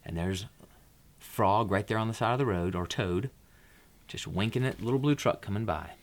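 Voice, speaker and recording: A man with a fairly low voice reads a children's picture book aloud as host. His pace is relaxed, and he drops softer for his own little comments between the lines. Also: normal speed.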